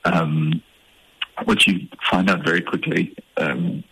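A man from the Eastern Cape, a stand-up comedian talking in a relaxed, hesitant, self-deprecating way in a radio interview. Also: sits low, takes it slowly, vocal fry, husky, no room sound, poor audio. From Eastern Cape, South Africa. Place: radio studio.

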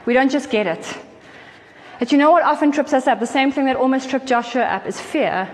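A woman preaching a sermon in an earnest, conversational way, with quick asides to her listeners. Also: sits high. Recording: faint hall reverb and noise.

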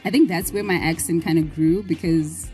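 A young woman chatting casually as a podcast guest, full of fillers and quick to laugh. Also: lowish voice, steady tone, a little mellow, faint music behind. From Zimbabwe. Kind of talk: casual chat.

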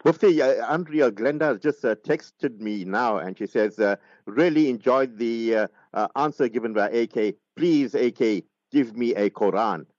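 A man's voice: mid-range voice, normal speed, darkish tone, dry recording, muffled recording. A man hosting a radio question show, reading out listener messages with many hesitations.

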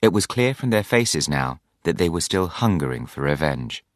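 A man reading a novel aloud as audiobook narrator, in a measured storytelling manner. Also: deep voice, big pitch swings, dry recording, clean studio sound. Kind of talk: scripted narration.

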